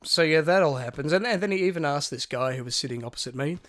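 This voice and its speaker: A young man spins a story for his co-host, his voice sitting a little higher than most men's. He is animated and chatty, and he slips into broad mimicry of the people he describes. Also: fast talker. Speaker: podcast co-host. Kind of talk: casual storytelling chat.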